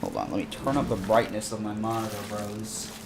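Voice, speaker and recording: A man's voice: fairly low pitch, steady tone, brisk, background noise. A young man streaming a video game and chatting casually with viewers in a loose, slangy way, cursing often and calling people bro. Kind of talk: casual gaming stream chat.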